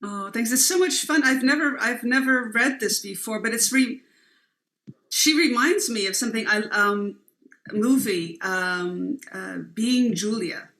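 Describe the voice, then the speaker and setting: A woman chats over a video call, slow and unhurried, with a bright tone. She searches for words with a giggle, and her audio sounds roomy. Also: fairly high pitch. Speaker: actress in the reading. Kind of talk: casual chat.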